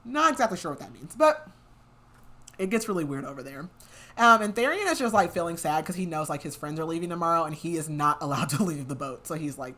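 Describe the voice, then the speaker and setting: A young woman co-hosting a podcast, recapping a fantasy novel in a casual, chatty way, full of "like" fillers and quick laughs. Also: low voice, lively intonation, a bit bright. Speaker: podcast co-host.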